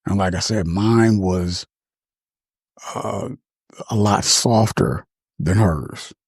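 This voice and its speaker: Low husky man, slow and reflective. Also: a little mellow, dry recording, studio quality. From Michigan, USA. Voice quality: halting, reflective, slow to find words. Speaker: podcast speaker. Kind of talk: reflective personal monologue.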